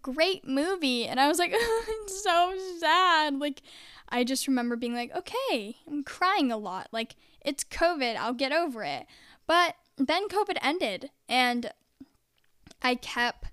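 A young woman speaking in a relaxed, confessional vlog style, her voice a touch high and smooth. She rambles chattily, leaning on "like" constantly. The sound is close and dry with no room echo. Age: young adult. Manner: chatty, peppered with "like". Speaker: vlogger.

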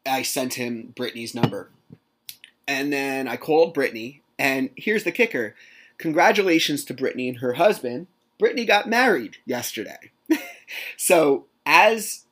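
A man's voice: medium pitch, a bit bright. A man hosting a solo podcast, chatting casually and telling stories animatedly, reenacting conversations and swearing now and then. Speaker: podcast host.

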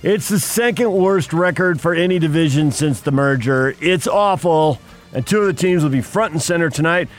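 A man's voice: a little high, normal speed, soft background music. A man co-hosting a sports radio show, reading headlines and teasing his partner with dry humor. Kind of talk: casual sports radio banter.

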